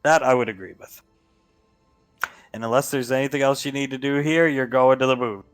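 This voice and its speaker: A man narrating as game master of a tabletop game, animated and laughing as he goes. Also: medium pitch, fairly quick, smooth, soft background music.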